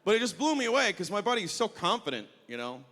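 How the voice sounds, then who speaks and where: A man telling an animated stand-up story, acting out the other voices as he goes. His voice is bright and forward. It carries a long reverb from the hall. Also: sits high, fast, a little hiss or hum. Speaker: stand-up comedian. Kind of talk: stand-up routine. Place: comedy festival stage.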